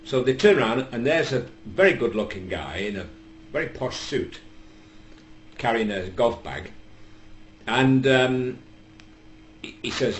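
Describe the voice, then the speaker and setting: An older man with a Northern English accent telling a long, rambling comic story, deadpan and full of hesitations. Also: mid-range voice, unhurried, pauses often. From England. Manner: deadpan, digressive, lots of hesitations. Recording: echoey room with faint background hum.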